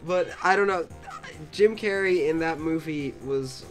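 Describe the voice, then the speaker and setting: A man's voice: a little high, a little slow, faint music behind. Rambling young man telling a story. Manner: rambling storyteller, lots of fillers and restarts. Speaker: podcast co-host. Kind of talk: casual let's-play chat.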